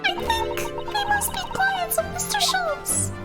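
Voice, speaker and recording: Lady doing a super high sweet little girl, prim and polite, game music behind. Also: unhurried.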